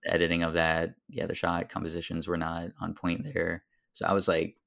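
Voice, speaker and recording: A man with a deep, gravelly voice talks through a film on a podcast. He pauses often and fills gaps with "um" and "like" as he works out his thoughts. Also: level tone, a bit bright. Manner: thoughtful, hesitant, many fillers. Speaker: podcast co-host. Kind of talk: casual film discussion.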